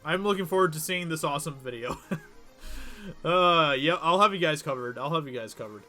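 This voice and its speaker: A man's voice: a little high, a little fast, sharp tone, soft background music. Giggly man chatting on a livestream. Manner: chatty, giggly, reads chat aloud. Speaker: livestream host. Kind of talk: casual livestream chat.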